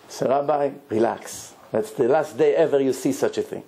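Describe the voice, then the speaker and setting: A man, a rabbi telling stories in a lively sermon and acting out the people in them. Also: mid-range voice, moderate pace, gravelly, hardly any pauses, a little hiss or hum. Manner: animated storyteller, acts out pleading and crying. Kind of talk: storytelling sermon.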